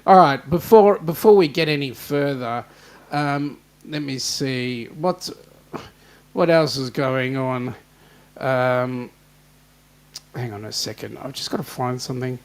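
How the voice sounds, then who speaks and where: A man's voice: medium pitch, slow. An Australian man hosting a casual livestream chat, joking and greeting viewers by name. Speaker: host.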